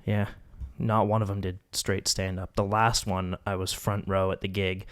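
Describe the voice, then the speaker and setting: A man on a comedy podcast who speaks in a hesitant, halting way, full of stops and restarts. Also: low-pitched, level tone, a bit bright. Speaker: podcast co-host. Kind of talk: improvised comedy chat.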